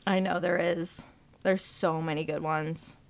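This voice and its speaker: A woman's voice: sits low, little pitch movement, measured pace, vocal fry, crowd noise. Chatty young woman on a video call. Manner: chatty, playful, teasing. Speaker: game player. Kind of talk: casual chat.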